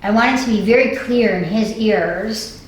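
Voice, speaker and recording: A woman dog trainer giving a hands-on lesson, explaining calmly and coaxing the dog with upbeat praise. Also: mid-range voice, moderate pace. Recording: distant, echoey, faint noise.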